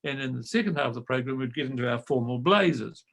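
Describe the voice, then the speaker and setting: An older man, a retired choir director, telling lively anecdotes over a video call and acting out the voices he quotes. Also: medium pitch, quick pace, creaky. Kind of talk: storytelling talk.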